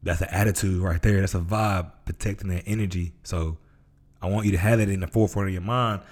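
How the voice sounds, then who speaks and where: A Memphis, Tennessee man hosts a casual motivational podcast monologue, laid-back and slangy, acting out voices in his stories. His voice is low and brisk, with fairly even intonation.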